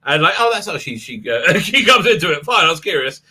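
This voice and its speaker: A video reviewer with a high, very bright voice casually recaps an episode. Very animated and fairly quick, with a breathy edge, he rants sarcastically and often breaks into laughter.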